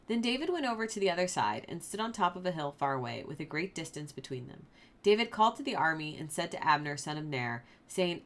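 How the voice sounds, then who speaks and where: A woman's voice: sits low, sing-song, fairly quick, fairly bright tone. A woman who hosts a Bible study, reading passages aloud and commenting on them in a chatty, informal way. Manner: chatty and informal, lots of "like" and fillers.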